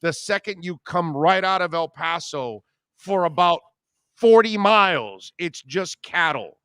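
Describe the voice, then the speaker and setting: A man hosting a talk radio show, telling a rambling, animated personal story in casual conversation. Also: sits high, a little slow, smooth, dry recording.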